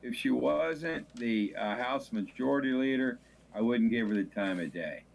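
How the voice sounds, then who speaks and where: A man's voice: mid-range voice, lively intonation, normal speed, gravelly, rough recording. A man, an attorney, calling in as a guest on a talk radio show, grumbling and opinionated. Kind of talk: casual talk radio chat.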